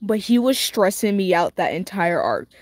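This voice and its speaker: A woman chatting casually while playing a game, rambling with lots of "like" and quick restarts, often giggling. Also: mid-range voice, very animated, no room sound, studio quality. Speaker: gaming video creator.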